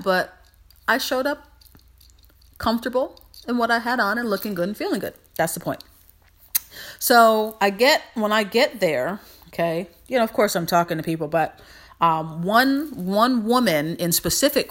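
Woman podcast host, casual motivational talk, emphatic, repeats herself for effect, mid-pitched voice. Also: fairly bright tone.

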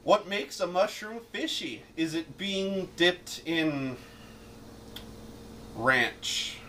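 A man's voice: high voice, lively intonation, extremely slow, sharp tone, recorded from a distance, a little hiss or hum. A man co-hosting a podcast, chatting casually and swearing in exasperated banter. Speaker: podcast co-host. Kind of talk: casual chat.

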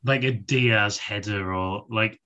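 A man's voice: fairly low pitch, slow, pushed and bright, highs cut off. A man from England chatting about football on a podcast, rambling with lots of fillers and casual swearing.

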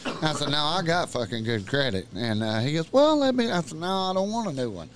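A middle-aged man telling profane, animated stories on a podcast with plenty of laughing. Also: mid-range voice, fast talker, noisy background. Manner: animated, swearing, laughing storyteller. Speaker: podcast guest. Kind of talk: profane storytelling chat.

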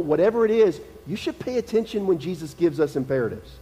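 A man with a high voice preaches a sermon, talking to the congregation as if chatting while hammering home his points. He repeats key phrases for emphasis, and his voice rings with the long reverb of a church hall. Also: lively intonation, fast talker, few pauses, dark tone, soft background music. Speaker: pastor. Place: church sanctuary.

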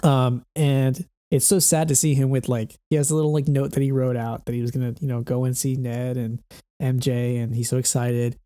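A man in casual conversation about a film, rambling and animated, often acting out characters' lines. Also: medium pitch, a little fast, dry recording, clean studio sound. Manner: rambling, animated, acts out quotes. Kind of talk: casual movie discussion.

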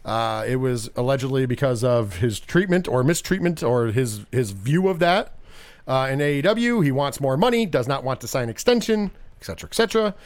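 A man hosting a podcast in casual chat, animated and profane, rambling with restarts. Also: mid-range voice, a little fast. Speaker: podcast host.

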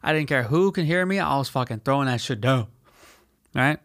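A man's voice: medium pitch, expressive, brisk, a bit bright, dry recording, clean studio sound. A man hosting a podcast, telling a story in a casual, profane, slangy way and acting out quotes in put-on voices. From United States. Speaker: podcast host.

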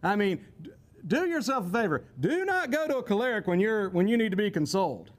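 A man's voice: high-pitched, very animated, brisk. A man giving a casual, folksy teaching talk, rambling with chuckling asides. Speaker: teacher on temperaments.

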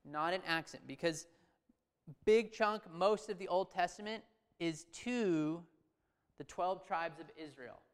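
Male pastor, chatty sermon delivery, smooth voice, long hall echo. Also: fairly high pitch, a bit bright. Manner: conversational, asks the audience questions, loose restarts. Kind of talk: sermon with scripture reading.

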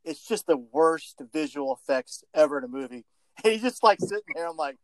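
A man co-hosting a podcast in casual chat, enthusiastic and quick to laugh. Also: a little high, animated, no echo.

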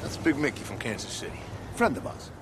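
Actor as impatient New mob boss, lively delivery, noisy street backdrop. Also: male voice, medium pitch, fairly quick, lightly acted. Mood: smooth bluffing. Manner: pushy, exasperated, barking corrections. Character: brash middle-aged male mafia boss, impatient coach. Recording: film audio with loud street noise.

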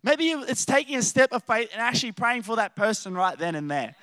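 A young Australian man preaching a casual sermon, rambling and animated, telling stories with laughter and restarts. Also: very high voice, brisk, dry recording. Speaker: youth preacher.

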